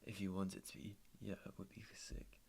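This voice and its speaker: A man's voice: deep voice, a little fast, creaky, darkish tone, slight background noise. A young man chatting casually while trading, laid-back and slangy, swearing freely. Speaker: trader streaming his trading. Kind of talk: casual chat.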